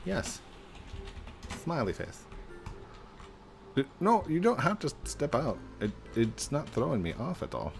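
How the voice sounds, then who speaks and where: A man hosting a gaming video, talking slowly and unhurriedly while his pitch leaps around with each exclamation. His commentary is playful and jokey, and faint music plays underneath. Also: creaky. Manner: excitable, jokey, breaks into laughs and exclamations. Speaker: gaming channel host.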